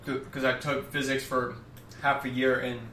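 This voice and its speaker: A young man drones through a mundane story in a deadpan, meandering way, stacking filler words as he goes. His voice sits a little back from the mic in an echoey room with faint ambient hiss underneath. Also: medium pitch, moderate pace, far from the mic. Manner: rambling, deadpan step-by-step storytelling with many fillers. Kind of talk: casual chat.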